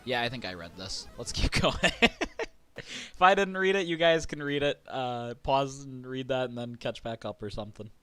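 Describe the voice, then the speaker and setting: A man streaming a horror game, casually chatting, reading game text aloud and getting excitable. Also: medium pitch, moderate pace, clear, resonant tone. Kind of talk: casual let's-play commentary.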